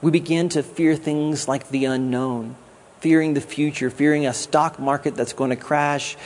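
Man, guest pastor, casual conversational sermon, slightly high pitch, faint background noise. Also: steady tone, normal speed. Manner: conversational preaching with jokes and acted quotes.

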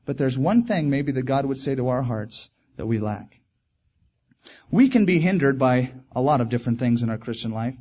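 A man's voice: mid-range voice, expressive, moderate pace, warm tone, lo-fi sound. A male pastor preaching a sermon in an earnest, emphatic way, repeating key phrases.

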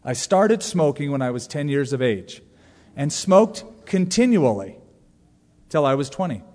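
A man in his forties preaching a sermon to a congregation, joking and animated, leaning hard into emphasis. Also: on the high side, measured pace. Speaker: pastor. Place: large church sanctuary. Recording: long reverb of a large church hall.

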